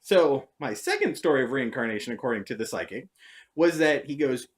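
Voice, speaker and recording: A woman telling stories in a casual vlog monologue, sarcastic and animated. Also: a little fast. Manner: animated, sarcastic, jumps between high and low tones. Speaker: vlogger.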